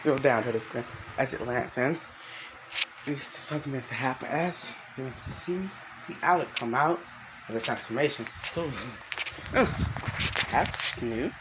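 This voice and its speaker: A man's voice: medium pitch, measured pace, long pauses, very noisy. A man narrating an improvised story, rambling along with many restarts and fillers.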